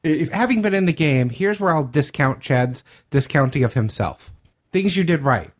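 Measured man giving analytical praise. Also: a little high, lively intonation. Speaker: podcast co-host and player. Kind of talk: casual podcast chat.

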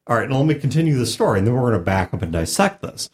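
A man's voice: medium pitch, sing-song, very fast. A man who is a game master and podcast host, explaining a tabletop game in casual chat with a wry manner and frequent laughter.

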